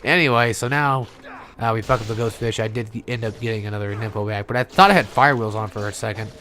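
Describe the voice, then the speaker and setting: A man's voice: lowish voice, fast, sharp tone, slight background noise. Rambling, swearing man narrating gameplay. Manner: rambling, profane, candid. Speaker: gaming channel host. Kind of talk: casual let's-play commentary.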